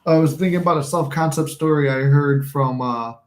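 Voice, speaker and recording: A man with a slightly high voice hosts a relaxed live chat, joking and laughing often. He slips into movie scenes as he talks. The room around him is echoey. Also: fairly quick. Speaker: podcast host. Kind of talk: casual chat on a live stream.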